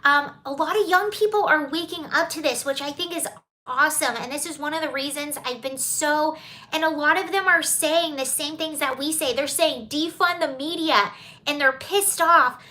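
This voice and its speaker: A woman's voice: high-pitched, normal speed, bright, forceful tone. A young woman from Georgia with a Southern accent, hosting a casual livestream, chatting and reading viewer comments in a digressive, laughing way. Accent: Southern American. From Georgia, USA. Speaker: livestream host.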